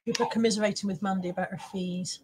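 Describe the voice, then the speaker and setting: A woman's voice: mid-range voice, steady tone, rapid-fire, slight background noise. A woman hosting a casual live stream, chatting to her viewers and reading out their comments, self-deprecating and swearing now and then.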